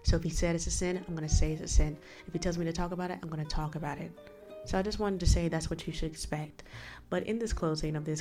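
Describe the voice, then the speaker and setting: A woman's voice: sits low, warm tone. A woman hosting her own faith podcast, talking in an emphatic, preaching way and answering the questions she asks. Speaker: podcast host. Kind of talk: solo faith podcast talk.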